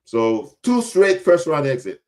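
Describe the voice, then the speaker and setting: A man's voice: on the high side, big pitch swings, measured pace. A young adult man from Florida hosting a podcast, giving casual sports commentary in a blunt, emphatic way, often repeating himself for effect. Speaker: podcast host.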